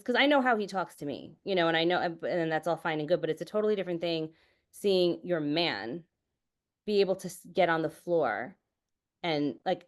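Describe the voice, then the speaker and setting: A woman chatting casually on a podcast, telling candid family stories, swearing freely and filling her speech with "like" and "you know". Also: deep voice. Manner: many fillers like "like" and "you know". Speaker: podcast guest. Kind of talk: casual chat.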